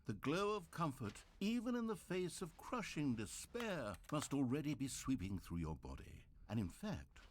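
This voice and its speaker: A man's voice: medium pitch, sing-song, normal speed, few pauses, a little hiss or hum, natural voice. Game narrator, wry and manipulative, sardonic coaxing tone man voicing. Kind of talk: scripted narration.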